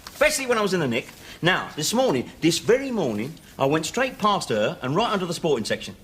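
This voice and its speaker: Brief: a sardonic middle-aged ex-convict, bouncy high delivery, noisy recording. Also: male voice, sing-song, fast, a bit bright. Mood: teasing. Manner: wisecracking, dry and teasing. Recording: noisy old TV sitcom recording.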